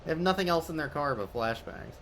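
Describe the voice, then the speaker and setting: A man's voice: on the high side, lively intonation, quick pace, a bit bright, a little hiss or hum. A man streaming a video game, chatting casually with his viewers, swearing and laughing, and cooing at his cat. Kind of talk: casual gameplay commentary.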